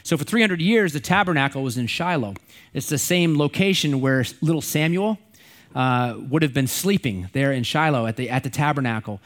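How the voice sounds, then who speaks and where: A man's voice: medium pitch, animated, moderate pace. A middle-aged man preaching a sermon in a conversational way, repeating and stressing key words. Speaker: pastor.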